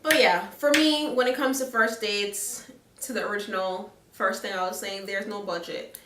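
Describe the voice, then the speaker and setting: A young Jamaican-accented woman chats frankly to her viewers, her voice bright and forward. She talks casually and checks in with them often. The sound is roomy and a little distant from the mic. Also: medium pitch, steady tone, normal speed, a little hiss or hum. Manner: chatty, frank, asks the viewers "okay?". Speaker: vlogger. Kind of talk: casual advice chat to camera.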